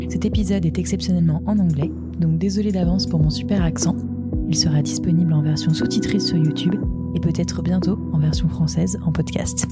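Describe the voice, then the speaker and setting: A woman host giving an enthusiastic podcast introduction. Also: lowish voice. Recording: intro over loud music.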